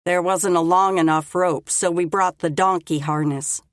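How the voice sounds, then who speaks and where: A woman's voice: lowish voice, fairly even intonation, moderate pace, no echo, clean studio sound, lightly acted. A woman voicing a practical young man who speaks in a matter-of-fact way. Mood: plain.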